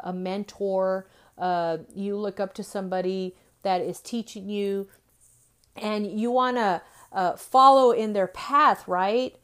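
A woman's voice: mid-range voice, clean tone. A woman in her forties giving an earnest faith-based motivational talk, repeating phrases and often asking "right?". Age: 40s. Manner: earnest, repetitive, with frequent "right?" tag questions. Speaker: Christian speaker.

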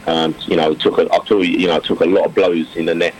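Sitting low with little pitch movement, a man talks fast over slight background noise on a low-quality recording. He played cricket and now coaches, and his interview answers ramble, thick with fillers, restarts, and warm laughter.

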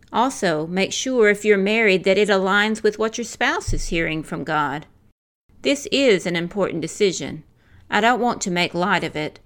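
An older woman reading a devotional in a slow, measured, earnest way, as a missionary speaker. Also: mid-range voice, a bit bright, clear, resonant tone.

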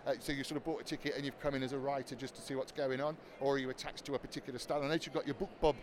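A man's voice: mid-range voice, level tone, racing, crowd noise. A man hosting a radio show, interviewing people at a busy fair in a friendly, encouraging way. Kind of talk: roving interview at a trade fair. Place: busy trade fair hall.

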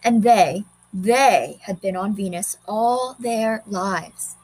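A woman reading a short story aloud in a measured, expressive way. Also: mid-range voice, husky, poor audio. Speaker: narrator.

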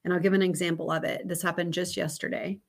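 Candid lower-voiced woman telling a story. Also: little pitch movement, fast, vocal fry. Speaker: podcast guest. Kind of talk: casual interview conversation.

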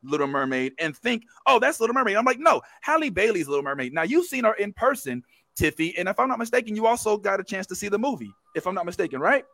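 High, bright-voiced man hosting. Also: very animated, fast talker, vocal fry, dry recording. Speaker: host. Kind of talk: casual chat.

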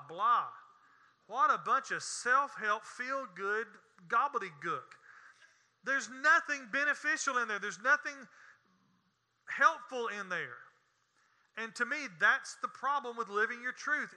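Folksy man preaching, bright voice. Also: very high-pitched, lively intonation, a little slow. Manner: folksy and emphatic, with scornful asides. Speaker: pastor. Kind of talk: sermon.

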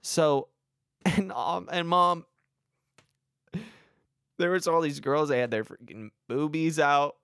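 A man's voice: fairly high pitch, slow pace, vocal fry, long pauses, a bit bright, clean tone, no echo. Young male storyteller, rambling and self-mocking, comic monologue, dry mic. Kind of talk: comedic personal story.

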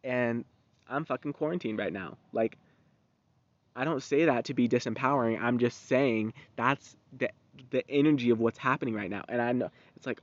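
A young man in his twenties hosting a podcast, talking in a rambling, profane, animated monologue. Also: mid-range voice, moderate pace, no room sound. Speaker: podcast host. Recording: dull, dry lo-fi recording.

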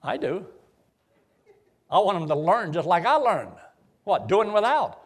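A man's voice: high-pitched, a little slow, slightly rough. A middle-aged man preaching a sermon in a folksy, joking way. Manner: folksy, joking, animated delivery.

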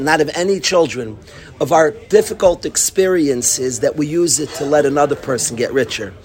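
Animated yeshiva-style man teaching Talmud. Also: a little high. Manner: animated storytelling, breaks into laughter and acts out his study partner; sprinkles Yiddish and Hebrew yeshiva terms. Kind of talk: informal Torah class.

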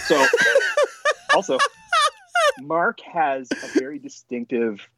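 A man's voice: mid-range voice, takes it slowly, long pauses, a little hiss or hum. A man telling funny stories in a casual podcast chat, laughing often. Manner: animated, laughing storyteller. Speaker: podcast guest.

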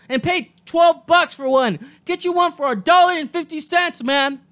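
A host delivers a solo podcast rant in a notably high voice. The talk is angry and full of swearing, with sudden shouted outbursts. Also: normal speed, hardly any pauses. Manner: angry, profane ranting with shouted bursts.

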